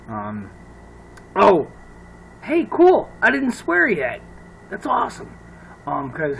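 A man's voice: sits high, fairly bright tone, a little hiss or hum, low-quality recording. A man from upstate New York ranting on his own vlog, swearing freely and laughing at his own jokes. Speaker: vlogger.

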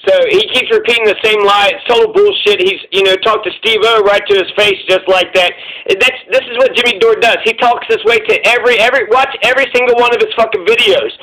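A man's voice: high voice, steady tone, quick pace, bright, forceful tone, rough recording. A man hosting his own channel, delivering a heated, profane political rant full of repetition. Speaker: commentary channel host.

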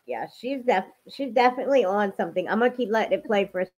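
A woman's voice: mid-range voice, expressive, fast talker, a little mellow, dull audio. A woman reacting to a livestream clip with blunt, profane asides. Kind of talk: casual reaction commentary.

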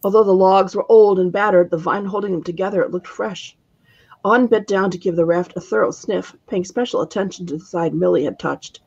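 A woman author reading her own fantasy story aloud in a steady narrating voice. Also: mid-range voice, a little fast, creaky, breathy edge, lo-fi sound.

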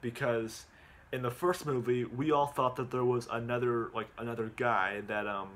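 Halting, rambling man recapping a movie. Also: medium pitch, steady tone, fairly bright tone. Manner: halting, full of ums and repeated words. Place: at home.

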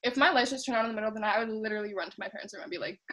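A young woman giving a rambling personal faith testimony on a video call, chatty and quick to laugh. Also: fairly high pitch, sharp tone. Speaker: testimony speaker.

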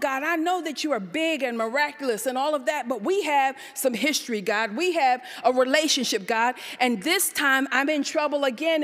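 A woman pastor preaching an animated sermon to a church congregation, full of rhetorical questions and sudden calls out. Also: sits high. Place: church sanctuary. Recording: live church service in a reverberant hall.

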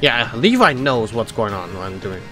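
A young man giving excitable gameplay commentary, laughing, shouting and trash talking enemies over game music. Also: fairly low pitch, normal speed. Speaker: gameplay streamer.

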